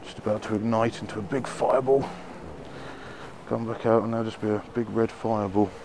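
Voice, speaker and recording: A man's voice: on the low side, steady tone, brisk. A man filming himself while riding a motorbike through town, swearing and ranting at the traffic as he chats to the camera. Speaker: motorbike vlogger. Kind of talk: casual riding commentary. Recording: noisy wind and traffic.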